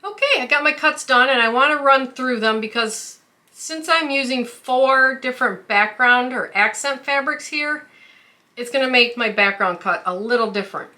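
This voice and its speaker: A woman's voice: high voice, animated, moderate pace, pushed and bright. A woman hosting a quilting tutorial who explains each step carefully, with the odd filler. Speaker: quilting channel host. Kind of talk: craft tutorial.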